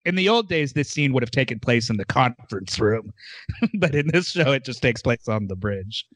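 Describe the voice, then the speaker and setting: A man co-hosting a casual podcast, retelling scenes with animated storytelling and putting on quick voices for the characters. He laughs often and talks at a mid pitch. The recording is dry and close. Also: dry recording. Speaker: podcast co-host recapping a show. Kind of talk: casual chat.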